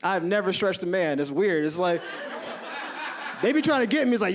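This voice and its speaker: Stand-up comic, man in his thirties, high and lively delivery, slangy, laughs at his own punchlines. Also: fairly quick, noisy background. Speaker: stand-up comedian. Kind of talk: stand-up comedy storytelling. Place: comedy club stage with live audience.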